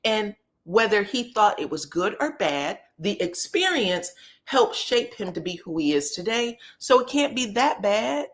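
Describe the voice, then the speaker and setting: A woman's voice: mid-range voice, unhurried. Sassy, profane woman recapping reality TV. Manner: animated, sassy, profane, quotes people in put-on voices. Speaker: live-stream reality TV recap host. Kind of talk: casual live-stream recap, reading chat.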